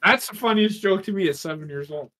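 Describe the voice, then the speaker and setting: Higher-voiced man cracking jokes. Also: fast. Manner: animated, laughs through his own punchlines. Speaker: podcast co-host. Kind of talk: casual chat, telling a joke.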